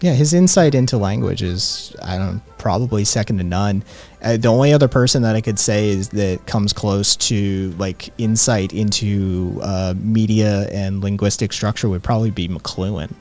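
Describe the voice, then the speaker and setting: A man's voice: fairly low pitch, normal speed, a little mellow, faint music behind. Sarcastic man bantering on stream. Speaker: streamer co-host. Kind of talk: casual live-stream chat.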